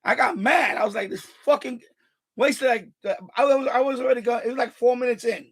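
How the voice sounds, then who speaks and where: A man from Puerto Rico hosts a live stream and talks casually at a desk mic. His voice sits high for a man, with a gravelly edge running through it. He gets animated and profane, piling up restarts and swearing as he goes. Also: brisk. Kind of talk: casual chat.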